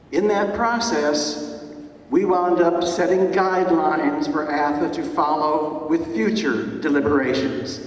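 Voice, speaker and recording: A man presenting an award with a formal, measured read-out delivery, heard from far off in an echoey hall. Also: fairly high pitch. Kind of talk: formal ceremony announcement. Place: large event hall.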